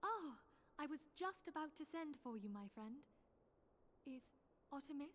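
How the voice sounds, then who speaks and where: An actress voicing a calm, thoughtful young woman leader in a game cutscene, speaking in a measured, formal way. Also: high-pitched. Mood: concerned.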